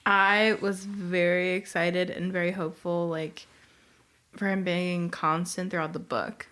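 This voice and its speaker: A woman's voice: fairly low pitch, flat delivery, a little slow, fairly bright tone. A young woman who is a returning guest on a casual book club podcast, easygoing and giggly. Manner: easygoing, giggly, laid-back.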